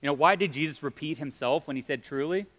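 A man's voice: a little high, fast talker, a bit bright. A man preaching a sermon in a conversational, emphatic way, joking with his audience. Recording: long reverb of a hall.

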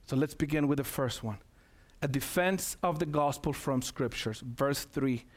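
Preacher, man, high-pitched, emphatic sermon delivery, repeats lines for emphasis. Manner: emphatic, calls to the congregation, repeats phrases.

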